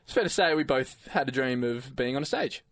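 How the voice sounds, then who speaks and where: A young Australian man with an easy, mid-pitched voice, chatting and ribbing his mate on air. The sound is close and dry on a studio mic, with no room around it. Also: lively intonation, a little fast, fairly bright tone, no room sound. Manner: jokey, teasing, half-sings song lines. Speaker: radio co-host. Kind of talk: casual banter with a mate. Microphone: studio microphone.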